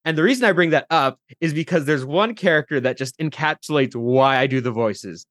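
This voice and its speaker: A man guest in a casual podcast chat, animated and jumping in and out of character voices. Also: a little high, a little fast, no room sound, clean studio sound. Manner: animated, slips into character voices mid-sentence.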